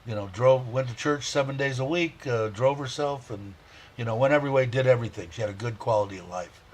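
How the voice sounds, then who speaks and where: A man's voice: mid-range voice, fast talker. Rambling heartfelt male livestream host. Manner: rambling, reads viewer comments aloud; heartfelt, chuckles often. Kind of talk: casual livestream chat.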